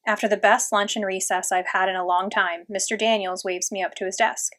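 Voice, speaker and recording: A woman reading a children's novel aloud in first person, in a steady, plain narrating voice. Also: mid-range voice, fairly quick. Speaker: audiobook reader.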